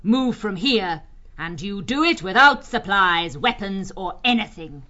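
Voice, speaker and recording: Storybook villainess: imperious wildcat queen, done by a man. Higher voice, muffled lo-fi sound. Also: animated, a little slow, pushed and bright, full character voice. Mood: commanding. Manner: imperious, clipped orders. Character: commanding, fearful female wildcat queen. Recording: dull lo-fi audio.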